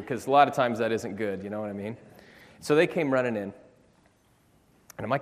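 Pastor, male, mid-pitched, earnest emphatic sermon delivery, long sanctuary echo. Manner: earnest, emphatic preaching with slow stressed phrases. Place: church sanctuary. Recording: long church reverb.

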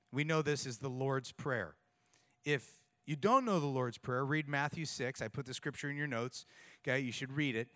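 Storytelling pastor with a higher voice. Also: male voice. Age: middle-aged. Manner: storytelling, animated and self-mocking. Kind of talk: sermon.

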